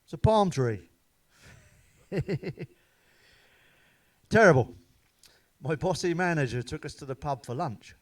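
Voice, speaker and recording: A middle-aged man doing stand-up rattles off one-liners and dad jokes fairly quickly, barely pausing, in a fairly high, expressive voice with a darkish tone. He cusses often and laughs at his own jokes.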